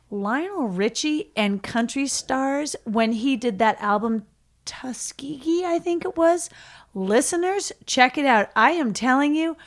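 Bubbly higher-voiced woman co-host. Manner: enthusiastic, animated storyteller. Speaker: podcast co-host. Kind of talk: casual chat.

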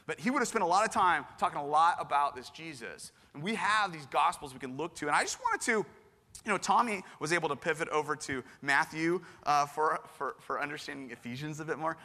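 Male preacher, casual sermon, animated and slangy, bright voice, long hall reverb. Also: fairly high pitch.

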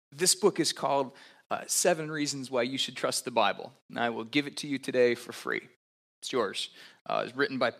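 A man, a pastor, giving a relaxed, conversational sermon with frequent fillers and asides. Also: medium pitch.

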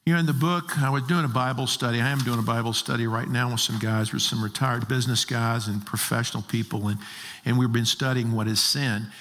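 Male pastor, mid-pitched, emphatic sermon delivery with pointed questions; echoing hall. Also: fairly even intonation, a little fast, fairly bright tone, slight background noise. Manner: emphatic preaching with rhetorical questions. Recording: long reverb of a large hall.

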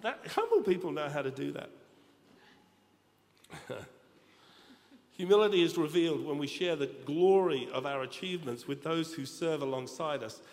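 A middle-aged man with a fairly high, darkish-toned voice preaches at a moderate pace, animated and pausing often. His sermon is humorous and built on stories, chatty and full of jokes aimed directly at the congregation, recorded in a reverberant large church with faint room ambience.

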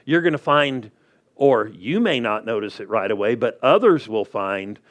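A man's voice: lowish voice, animated, moderate pace, fairly bright tone. A man preaching a sermon in a conversational way, often checking in with the congregation. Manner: conversational preaching, asks the crowd "are you with me". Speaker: pastor.

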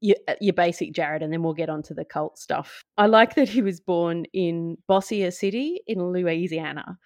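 A woman's voice: lowish voice, moderate pace, darkish tone, no room sound. A woman co-hosting a podcast, chatting casually with dry, wry humor and steering the topic. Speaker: podcast co-host. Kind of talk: casual chat.

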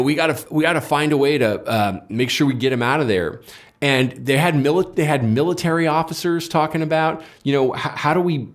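A man, the guest in a casual political conversation, talking emphatically and argumentatively, often repeating words as he builds his points. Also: medium pitch. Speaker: interview guest.

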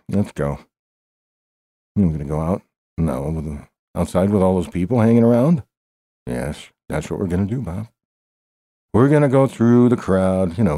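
A man improvising a comic back-and-forth in a dry, deadpan manner, rambling with lots of "you know" and restarts. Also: low-pitched, no echo. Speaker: comic storyteller.

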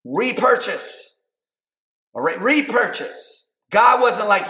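A man preaching a sermon, building to shouted calls and asking the congregation to respond. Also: high voice, a little slow. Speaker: pastor. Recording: roomy echo.

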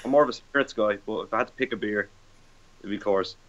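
A man's voice: on the low side, fast talker, fairly bright tone, lo-fi sound. An Irish man from Ireland, a podcast guest calling in, making casual chat with dry joking one-liners.

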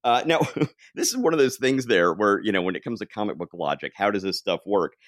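A man hosting a casual comic-book podcast chat, talking in an animated way and laughing often. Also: fairly low pitch, brisk, no echo, studio quality. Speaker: podcast host.

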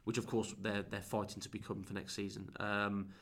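A man's voice: on the low side, monotone, brisk, fairly bright tone. A man chatting on a football podcast in an easygoing, rambling way, often restarting and calling his co-host mate. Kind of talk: casual football podcast chat.

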